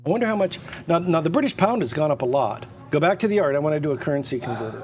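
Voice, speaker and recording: The voice is a man's, fairly high and a little mellow, with lively intonation, a racing pace and few pauses. He works as auctioneer and livestream host, sitting at a computer indoors and churning out repetitive, pushy sales patter with stammered restarts.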